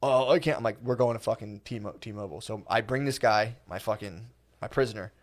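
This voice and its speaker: A young man telling a profane, animated comedy story on a podcast, acting out the quoted lines. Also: lowish voice, a little fast. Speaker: podcast guest.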